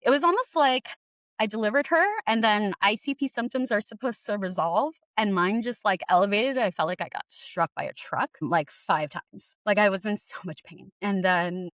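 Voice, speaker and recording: Woman on a podcast telling her story, teary and rushed, close dry mic. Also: medium pitch, fairly bright tone, no echo. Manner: tearful, fast, says like a lot. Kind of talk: emotional personal storytelling.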